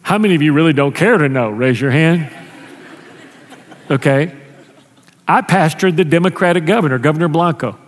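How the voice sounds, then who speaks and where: A male pastor preaches in a church sanctuary, his voice sitting a little higher than most men's. He talks to the congregation conversationally and stumbles over restarts as he goes. A long reverb trails each phrase through the big room. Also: moderate pace, pauses often. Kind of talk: sermon.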